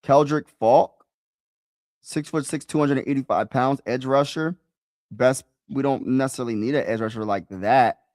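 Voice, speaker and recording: Guy streaming to his chat, aave slang, keeps repeating himself, mid pitch, dry close sound. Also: moderate pace, a little mellow, no echo. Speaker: sports streamer. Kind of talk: live-stream mock draft chat.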